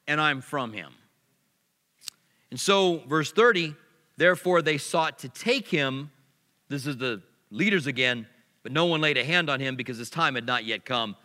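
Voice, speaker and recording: A pastor preaching a sermon, animated, with sharp swings in pitch and loudness. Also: male voice, big-room sound.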